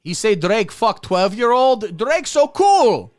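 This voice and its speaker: A man voicing an excitable Russian man who hypes a rap song, with a put-on Russian accent and broken grammar. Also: sits high, slow pace, no echo, pitched above the performer's own voice, heavily acted. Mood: excited.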